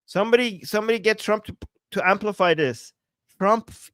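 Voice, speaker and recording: A man from Iran, hosting a live-streamed political commentary, reading chat aloud with a sarcastic, animated manner and frequent laughs. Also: fairly high pitch, measured pace, clear, resonant tone, no room sound. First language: Persian. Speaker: political commentator and livestream host.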